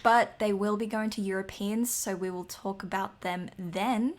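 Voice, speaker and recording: A woman's voice: mid-range voice, fairly even intonation, moderate pace. Chatty young woman podcast cohost. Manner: chatty, emphatic, laughs often. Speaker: podcast co-host. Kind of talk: casual chat.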